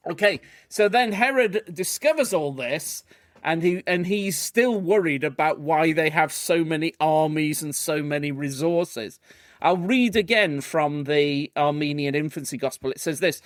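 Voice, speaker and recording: A man co-hosting a casual discussion podcast, reading passages aloud in a lively way. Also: on the high side, unhurried, no room sound, studio quality. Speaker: podcast co-host.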